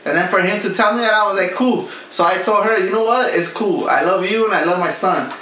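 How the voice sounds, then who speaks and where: Man, casual stories, slangy and laid-back, slightly high voice, echoey room. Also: fast talker, sharp tone. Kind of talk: casual storytelling chat. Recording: echoey room with background noise.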